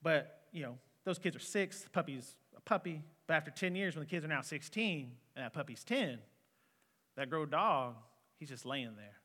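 Young male pastor, bright voice. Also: fairly high pitch, animated, moderate pace. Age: 20s. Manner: earnest, conversational preaching. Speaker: student pastor. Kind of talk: sermon. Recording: long reverb of a hall.

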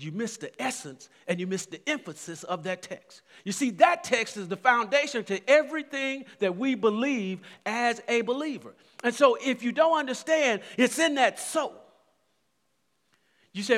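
Man, pastor, sermon, high voice, repeats phrases with rising fervor, long hall reverb. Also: animated, unhurried, fairly bright tone. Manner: preaching with rising fervor and repetitions.

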